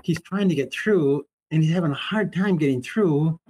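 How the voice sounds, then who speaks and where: A man's voice: a little high, moderate pace, a little mellow, slight background noise. A man in his seventies, a Christian teacher, telling stories in a folksy, emphatic way during a casual conversation. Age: 70s.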